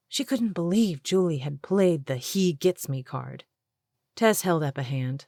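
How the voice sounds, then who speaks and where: Low-voiced woman narrating an audiobook. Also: no room sound, clean studio sound. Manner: measured, even storytelling. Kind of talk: scripted narration.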